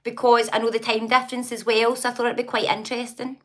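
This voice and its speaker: A woman's voice: a little high, little pitch movement, quick pace, a bit bright. A Scottish woman hosting a casual livestream, chatting and gossiping with viewers, greeting them by name and laughing often. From Scotland. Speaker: livestream host reading comments. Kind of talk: casual live chat.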